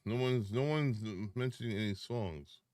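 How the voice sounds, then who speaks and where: A man chatting casually with viewers on a live stream, sleepy and yawning, greeting people by name in drawn-out words. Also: medium pitch, a little mellow, dry recording, studio quality.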